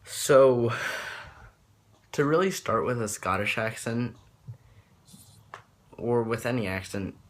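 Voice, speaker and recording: A young man rambles through a casual tutorial, hesitating and restarting often. His voice sits on the low side. A faint hiss of noise runs behind him. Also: a bit bright. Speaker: vlogger.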